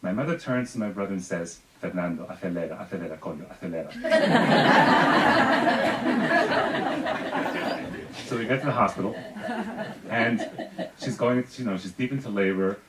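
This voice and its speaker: A man from Spain telling a personal story live on stage, wry and self-deprecating with quick asides. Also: medium pitch, very animated. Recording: echoey room, distant mic, faint noise.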